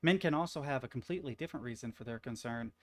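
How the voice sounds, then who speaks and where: A man's voice: mid-range voice, racing. A young man streaming, chatting casually and reacting to articles, swearing freely and rambling through stories. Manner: profane, rambling, easily amused.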